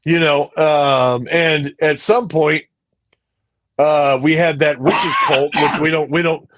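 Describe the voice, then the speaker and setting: A man's voice: on the high side, steady tone, takes it slowly, a bit bright. A man co-hosting a podcast in casual chat, rambling and repeating his phrases. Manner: rambling, repeats himself often. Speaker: podcast co-host.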